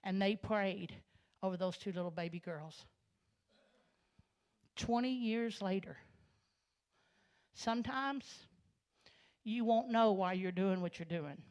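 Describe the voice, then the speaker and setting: A woman from Arkansas stands in a church sanctuary and gives her testimony as a Pentecostal sermon. She tells her story at a steady storyteller's pace, then swells into loud, passionate preaching. Her voice sits at an ordinary middle pitch. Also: takes it slowly, pauses often. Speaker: guest speaker giving testimony.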